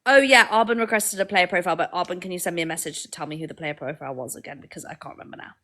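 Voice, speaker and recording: A woman's voice: fairly low pitch, racing, bright, forceful tone. A young woman co-hosting a live podcast stream, chatting casually and teasing her co-host. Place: indoors at a shared table.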